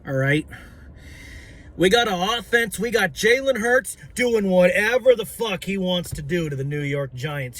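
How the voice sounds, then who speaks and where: A young man ranting about football, excitable and profane, shouting and stumbling over his words. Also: high voice. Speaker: sports fan vlogger. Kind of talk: ranting fan commentary.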